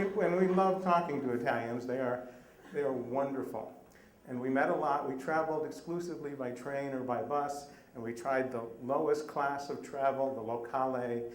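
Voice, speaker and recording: A middle-aged man telling a personal story on a live stage, animated and self-deprecating. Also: medium pitch, a little hiss or hum. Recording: echoey live room.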